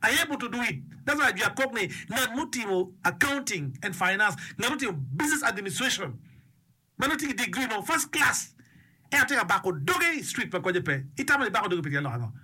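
Speaking fast in a sing-song, high voice that's bright, forceful and husky, a man talks emphatically about education and community. In this casual explanation mixing English and a local language, he repeats phrases and checks in with "okay?" and "eh?".

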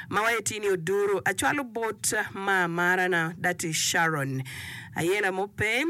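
A woman's voice: medium pitch, pushed and bright, dry recording. A woman presenting a radio show, reading out listeners' song requests and greetings and teasing the senders. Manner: playful, teasing banter between messages. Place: radio studio.

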